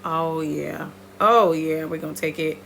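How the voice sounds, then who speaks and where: Bright-voiced woman chatting through a makeup tutorial. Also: unhurried, creaky, a little hiss or hum. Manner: lively, playful, talks straight to viewers; breaks into high squeals. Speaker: beauty vlogger.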